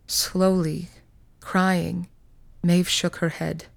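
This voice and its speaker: A woman narrating a fairy tale podcast in a slow, measured, hushed manner. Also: on the low side, steady tone, creaky, no room sound. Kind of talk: scripted fiction narration.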